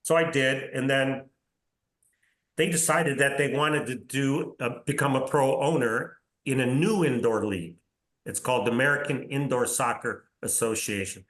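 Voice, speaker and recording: Man, 60s, podcast guest, middle pitch, animated storyteller acting out dialogue, echoey room. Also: normal speed. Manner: animated anecdotes with reported dialogue and tag questions. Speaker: interview guest, soccer league commissioner. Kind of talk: casual storytelling in a podcast interview. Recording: roomy echo.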